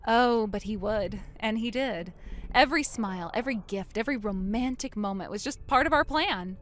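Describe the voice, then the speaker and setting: A woman voicing a wronged older sister in a text-message story, speaking low, subdued and cold. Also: normal speed, slight background noise, lightly acted. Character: wronged older sister, quiet and bitterly calm.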